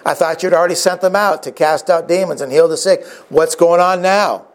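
Sneering, sceptical scholars who throw pushy challenges, as a preacher mimics them. The voice comes louder than his usual talk. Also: fairly high pitch, fairly even intonation, a little fast, natural voice. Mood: mocking. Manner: mocking, challenging.

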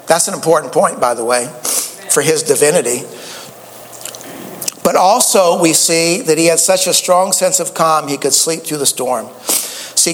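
A man's voice: on the high side, big-room sound. A man preaching a sermon, a folksy storyteller who often stammers and restarts his sentences. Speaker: pastor.

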